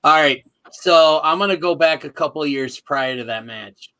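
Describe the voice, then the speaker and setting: A man's voice: fairly high pitch, normal speed, sharp tone, no room sound. A man co-hosting a casual podcast, chatty and a bit hesitant. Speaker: podcast co-host.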